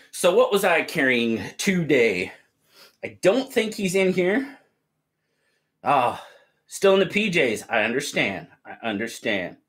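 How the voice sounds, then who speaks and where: A man's voice: medium pitch, a bit bright. A man hosting a casual live stream, cheerfully greeting viewers by name and chatting about their gear.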